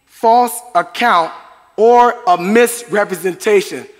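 High-voiced male pastor in a reverberant hall. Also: slow pace. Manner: conversational preaching with chuckles and asides to the congregation. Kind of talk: sermon. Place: church sanctuary.

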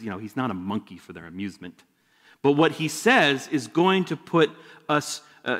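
A man's voice: fairly high pitch, fairly bright tone. A male pastor giving a sermon in a church sanctuary, talking conversationally with joking asides. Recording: long hall reverb.

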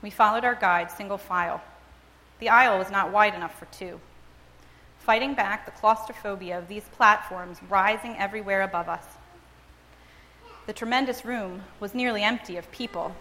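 A woman reading a first-person story aloud in a measured, dramatic storytelling manner. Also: medium pitch, pushed and bright. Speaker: reader and speaker. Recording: long reverb, as in a large hall.

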